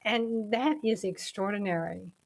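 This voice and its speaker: A woman's voice: mid-range voice, a little slow, creaky. A woman hosting an interview podcast, encouraging and affirming toward her guest. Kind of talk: interview conversation.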